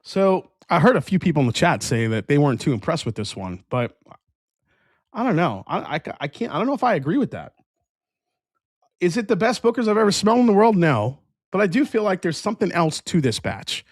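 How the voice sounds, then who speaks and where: A man's voice: a little high, big pitch swings, a little fast, husky, dry recording, clean studio sound. A man hosting a whiskey review livestream in a casual, rambling way, often restarting sentences and answering chat.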